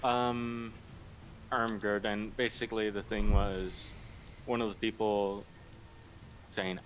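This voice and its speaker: A man tosses in offhand jokes during a casual voice chat. His voice is low. Faint noise sits on the line. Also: little pitch movement, takes it slowly, pauses often. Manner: joking, offhand.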